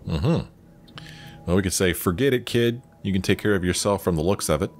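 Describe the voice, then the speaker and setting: A let's play host with a low-pitched voice talks a little fast, giving casual game commentary and reading out dialogue options while faint game music runs in the background.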